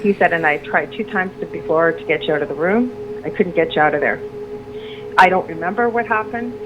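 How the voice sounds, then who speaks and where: A woman's voice: fairly low pitch, brisk, music in the background. A middle-aged woman telling a personal story as a radio guest, rambling and restarting her sentences. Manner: rambling, restarts sentences, animated when quoting others. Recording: lo-fi with noticeable background noise.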